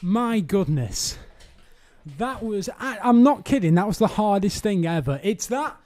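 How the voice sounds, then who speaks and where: A British man co-hosting a podcast, out of breath and excitable, full of exclamations. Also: high-pitched, unhurried, no room sound. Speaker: podcast co-host. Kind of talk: casual podcast banter.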